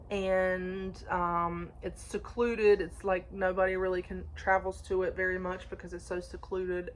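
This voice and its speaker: A woman talks casually through her recent reads. Her voice sits a little low, and she rambles, backtracks and restarts her sentences as she goes. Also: slight background noise. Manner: chatty, frequent restarts and fillers, laughs often. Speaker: book reviewer. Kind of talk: casual book review chat.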